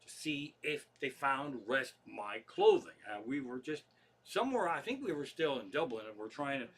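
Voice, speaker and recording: A man's voice: medium pitch, big pitch swings, normal speed, slightly rough. A middle-aged man with a Pennsylvania accent, a comedian telling loose, profane stories on a livestream from his living room. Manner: profane, chatty, loose asides. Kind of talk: rambling comic storytelling.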